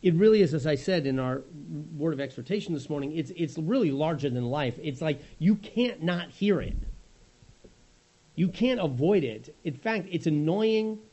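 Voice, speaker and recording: A middle-aged man preaching a sermon in an animated, conversational storytelling manner. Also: a little high, normal speed, muffled recording.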